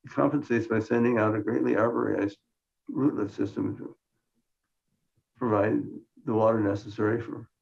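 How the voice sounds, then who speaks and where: An older man from Minnesota, United States, gives a science conference lecture with slides in a fairly low, gravelly, darkish voice. His humor is dry and understated, and he often restarts phrases. The recording is muffled and lo-fi.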